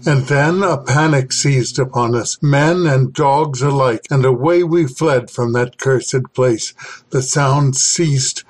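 A man reading a horror story aloud as a podcast host, in a measured, dramatic way. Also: on the high side, a little mellow. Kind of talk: scripted horror story narration.

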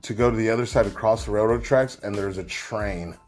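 A man's voice: on the low side, fairly quick, soft background music. A man in his thirties co-hosting a casual chat show, telling stories with lots of swearing and acted-out voices. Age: 30s. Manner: animated, swears freely, acts out voices in stories. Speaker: podcast co-host.

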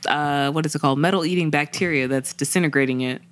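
A woman's voice: sits low, quick pace. A woman co-hosting a podcast, telling a news story in casual chat, acting out the people she quotes. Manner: animated storytelling, acts out quoted voices. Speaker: podcast co-host.

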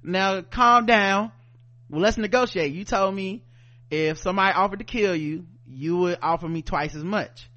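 A man's voice: sits high, moderate pace, pushed and bright, highs cut off. A man co-hosting a podcast, recapping a show animatedly, laughing often and acting out the characters in slang. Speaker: podcast co-host.

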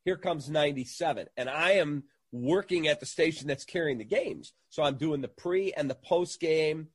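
A man, a sports radio entertainer, telling an animated anecdote in a casual interview and acting out the quotes. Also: fairly high pitch, normal speed, husky, no echo.

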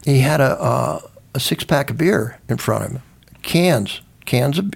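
A man's voice: medium pitch, lively intonation, measured pace, gravelly, husky. An older man, a veteran guest, telling stories in a rambling, conversational way, often restarting his sentences and swearing now and then. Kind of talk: conversational storytelling.

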